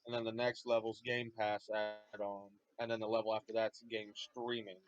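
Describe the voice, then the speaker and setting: A man's voice: lowish voice, level tone, normal speed, no echo, highs cut off. A man on a stream's voice chat, casually explaining things in a matter-of-fact way. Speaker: co-host friend on voice chat.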